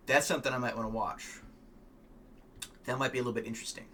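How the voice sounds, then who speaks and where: Male vlogger, casual fight talk, opinionated and profane, tense bright tone. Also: mid-range voice, steady tone, fast, a little hiss or hum. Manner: rambling, opinionated, swears, frequent ums. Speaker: MMA fan vlogger.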